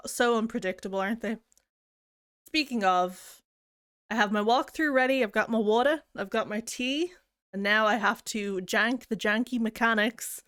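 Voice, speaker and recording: A woman's voice: medium pitch, fairly bright tone, no echo, clean studio sound. A woman streamer chatting casually with viewers, rambling and self-deprecating with plenty of giggles. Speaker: game streamer. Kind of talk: casual chat.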